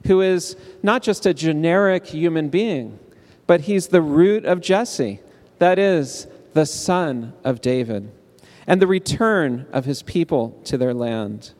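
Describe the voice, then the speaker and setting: Man lecturing with lively rhetorical questions. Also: a little high, slow. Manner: engages audience with call-and-response; rhetorical questions with rising emphasis. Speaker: speaker presenting a paper. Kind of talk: academic lecture. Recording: long hall reverb.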